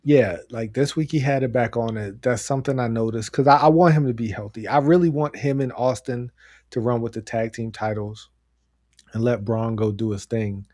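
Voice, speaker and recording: A man co-hosting a podcast, talking casually and excitedly, rambling with frequent laughs. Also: medium pitch, normal speed, no echo, studio quality. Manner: animated, rambling, laughs often. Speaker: podcast co-host. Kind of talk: casual wrestling chat.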